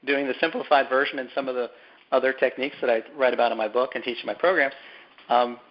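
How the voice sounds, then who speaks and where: A man being interviewed as an author, speaking thoughtfully and haltingly, often repeating words as he gathers his thoughts. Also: mid-range voice, steady tone, lo-fi sound. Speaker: author and guest. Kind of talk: conversational interview.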